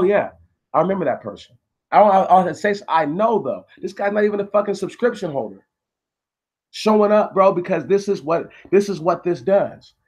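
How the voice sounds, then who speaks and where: A man ranting angrily on a live stream, swearing, repeating himself and arguing with viewers in the chat. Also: high-pitched. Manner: angry, profane, repetitive, arguing with viewers. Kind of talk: heated live-stream rant.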